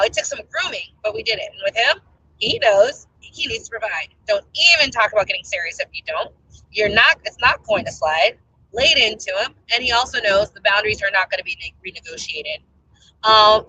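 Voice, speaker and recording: Bright, emphatic young woman coach. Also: fairly high pitch, a little hiss or hum, rough recording. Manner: animated, emphatic storytelling with acted-out rants. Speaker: relationship coach. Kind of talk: casual advice monologue.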